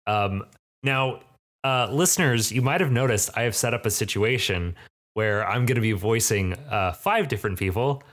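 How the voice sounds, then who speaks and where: A man's voice: on the low side, moderate pace, fairly bright tone. A man narrating as game master of a tabletop game, hesitant and full of fillers as he describes the scene.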